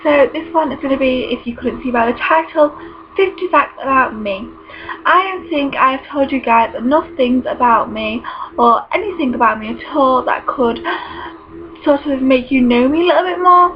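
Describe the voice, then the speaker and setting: A woman's voice: sits high, moderate pace. A woman chatting to camera in a rambling, self-correcting way. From United Kingdom. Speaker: vlogger. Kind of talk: casual chat to camera. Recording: dull lo-fi recording with faint noise.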